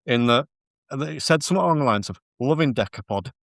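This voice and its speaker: A man with a Yorkshire accent hosts a podcast in an easygoing, self-deprecating way and laughs often. His pitch is mid-range and the recording is dry. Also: lively intonation, fast, creaky, a bit bright, no room sound. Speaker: podcast host. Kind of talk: casual chat.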